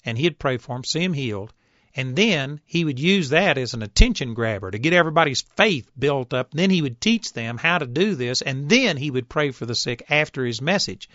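A man preaching a sermon, telling a story and rising to forceful shouts when he quotes someone. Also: medium pitch, lively intonation, normal speed, no echo, highs cut off. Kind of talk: sermon teaching.

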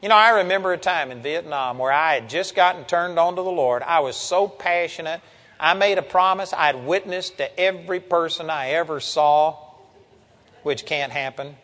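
A man's voice: a little high, moderate pace, a bit bright, long reverb tail. An older man preaching a sermon, reading scripture and teaching with earnest emphasis.

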